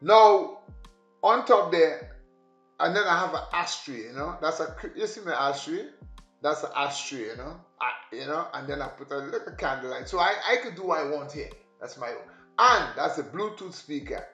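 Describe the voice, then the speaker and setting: A man's voice: fairly high pitch, animated, moderate pace, bright, forceful tone. A man giving a rambling home tour as a vlogger, talking straight to his viewers. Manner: rambling, chatty, addresses viewers directly. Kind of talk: casual home tour vlog. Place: home room and kitchen. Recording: echoey room, faint music behind.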